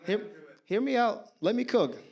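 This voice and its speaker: A man's voice: sits high, moderate pace, gravelly, background noise. A man in his thirties doing stand-up comedy, telling stories and talking straight to the crowd, acting out the people in them. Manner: animated, acts out voices of people in his stories; conversational, addresses the crowd directly.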